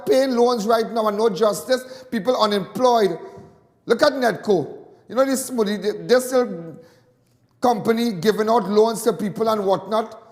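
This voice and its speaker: Trinidadian male caller, very high voice, heated and repetitive, with a long echoing reverb. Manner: impassioned, repetitive, indignant. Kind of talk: call-in talk radio rant.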